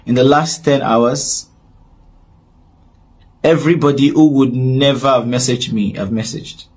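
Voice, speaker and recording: A man's voice: medium pitch, steady tone, measured pace, slightly rough. A man from Nigeria speaking straight to camera in an earnest, pleading apology, repeating himself often. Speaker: public figure addressing his audience. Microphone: camera-facing recording.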